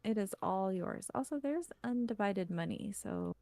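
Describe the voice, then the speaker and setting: A woman narrating as game master of a tabletop game, chatty and quick to laugh. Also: mid-range voice, lively intonation, darkish tone, dry recording.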